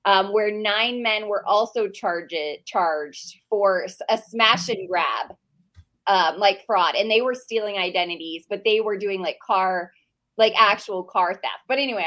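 A woman's voice: mid-range voice, a bit bright. A woman co-hosting a casual podcast, chatting and wandering into side notes. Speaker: podcast co-host.

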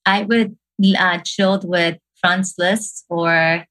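Slow-spoken woman singer as guest. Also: fairly low pitch, steady tone, fairly bright tone, poor audio. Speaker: podcast guest, singer-songwriter. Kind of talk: casual interview chat.

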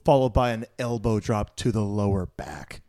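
A man co-hosting a podcast in casual chat, excitable and swearing freely as he recaps a wrestling match. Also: on the low side, normal speed, no echo, clean studio sound. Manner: excitable, swears freely, shouts quoted lines. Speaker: podcast co-host.

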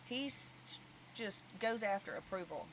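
A woman, a mother hosting a casual podcast chat and telling stories with lively swings in loudness. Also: mid-range voice, measured pace, a little hiss or hum. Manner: animated storyteller, swings loud when telling stories.

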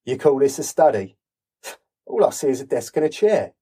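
A man's voice: medium pitch, very animated, normal speed, mellow, slightly rough. An actor playing a cheeky male thief with a Cockney accent, teasing and swaggering in an audio drama.

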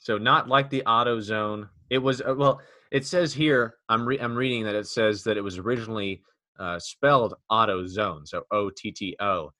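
Male podcast host, low-ish bright voice, dry close sound, rambling jokey delivery. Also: fairly even intonation, moderate pace, no room sound. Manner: joking, rambling, with restarts. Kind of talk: casual chat.

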